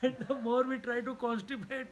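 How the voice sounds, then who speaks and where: A man's voice: very high voice, level tone, moderate pace, highs cut off, slight background noise. A man teaching a spiritual discourse, emphatic and repetitive, laughing at his own jokes. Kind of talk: Vedanta discourse.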